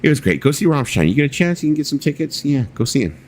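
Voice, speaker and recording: A man's voice: fairly high pitch, big pitch swings, fast talker, darkish tone, slight background noise. A man hosting a casual livestream chat, telling rambling stories and reading viewer comments aloud, swearing freely. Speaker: livestream host.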